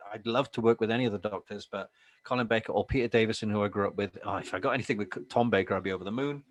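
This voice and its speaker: A man's voice: lowish voice, very fast. A man talking casually as a guest writer and voice performer over a video call, chatty and slipping into impressions. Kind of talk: casual conversation.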